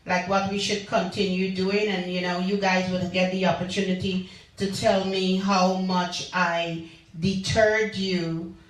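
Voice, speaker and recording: A woman hosting a call-in radio talk show, chatting slowly and calling out her listeners by name. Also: on the low side, flat delivery. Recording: echoey, distant from the mic.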